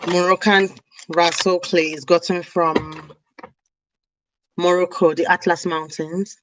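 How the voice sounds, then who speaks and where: A woman's voice: on the low side, level tone, slow, noisy background. A woman chatting casually on a live stream, rambling and snacking as she talks. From Nigeria (South South). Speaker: hair care vlogger. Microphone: camera mic on a live stream.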